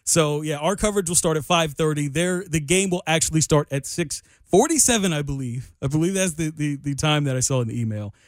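Young male sports radio host, slightly high voice, loose and rambling, dry studio mic. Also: fairly quick, few pauses, no echo. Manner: loose, rambling, self-deprecating. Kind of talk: casual sports radio talk. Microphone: studio microphone.

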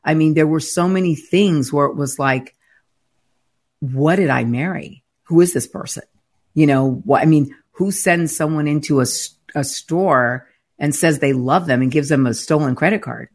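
A woman's voice: low-pitched, moderate pace. A woman, the guest in an interview, retelling her experiences in an emphatic, dramatic conversational way, with frequent restarts. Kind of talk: conversational storytelling.

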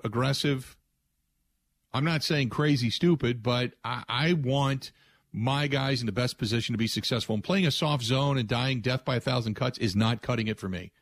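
A man's voice: medium pitch, moderate pace, dry recording. A man hosting sports talk radio, delivering a blunt, emphatic opinion monologue with frequent restarts.

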